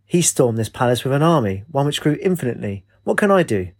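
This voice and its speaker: A man's voice: mid-range voice, very animated, fast talker, darkish tone. A man voicing a bleak, withdrawn male recluse in a storybook. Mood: weary.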